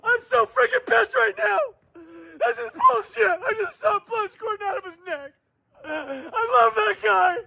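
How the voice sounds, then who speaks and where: A man crying and shouting in a frantic, screaming outburst. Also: extremely high pitch, unhurried, vocal fry, poor audio. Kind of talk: filmed angry outburst.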